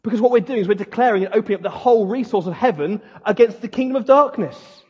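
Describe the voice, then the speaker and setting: A man preaching a passionate, emphatic sermon as pastor of his church, with dramatic pauses. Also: high voice, slightly rough. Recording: dull sound in a hall with long reverb.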